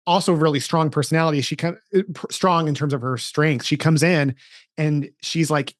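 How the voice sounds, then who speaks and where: A man in his forties hosting a casual podcast chat, his voice sitting a little high for a man. He tells stories with animated energy, breaking off and restarting his sentences as he goes. The sound is close and dry, with no room echo. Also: normal speed. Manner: animated storytelling with frequent restarts. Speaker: podcast host.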